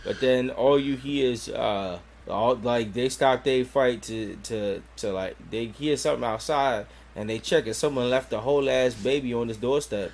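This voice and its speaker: A man's voice: mid-range voice, moderate pace, vocal fry, few pauses, a little mellow, a little hiss or hum. A man co-hosting a casual podcast, laid-back and profane as he retells scenes in detail. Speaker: podcast co-host. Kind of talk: casual chat reviewing a cartoon.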